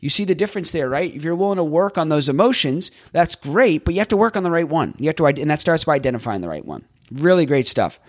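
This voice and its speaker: A man hosting a podcast, recapping on his own in a chatty way, thinking out loud and tossing in rhetorical questions. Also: a little high, big pitch swings, quick pace, hardly any pauses. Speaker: podcast host.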